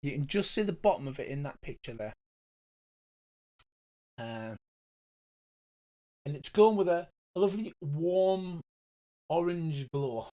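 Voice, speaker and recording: A man's voice: on the high side, expressive, a little slow, long pauses, mellow. A man running a tabletop game as game master, narrating with many hesitations. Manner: hesitant, lots of ums.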